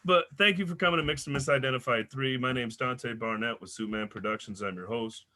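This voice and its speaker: A young man hosting a stand-up comedy show, telling loud, animated stories with swearing and punchy character voices. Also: mid-range voice, a little fast.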